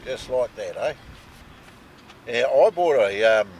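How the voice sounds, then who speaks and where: A man's voice: medium pitch, expressive, slow pace, a little mellow, slight background noise. A man with a New Zealand accent chatting casually outdoors at a campsite for a vlog, dropping "mate" and "eh" as he shows off his gear. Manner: chatty, peppers talk with "mate" and "eh". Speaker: vlog co-host.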